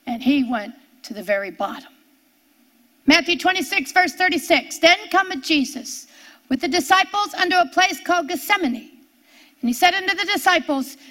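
Female Bible teacher, sermon delivery, unhurried, repeats phrases for weight, higher register. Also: pushed and bright. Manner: slow, emphatic, drawn-out phrasing with repeated lines. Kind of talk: sermon reading scripture.

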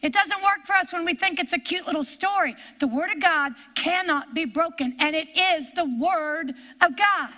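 Emphatic high-voiced woman preaching. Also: sharp tone. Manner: emphatic, repeats key phrases, drawn-out stresses. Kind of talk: sermon.

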